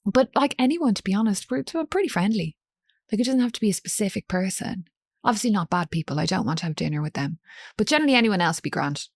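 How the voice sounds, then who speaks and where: A woman's voice: medium pitch, lively intonation, fast talker, dry recording. Irish woman chatting on a podcast, storytelling, laughs a lot, dead dry sound. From Ireland. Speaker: podcast guest. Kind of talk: casual chat.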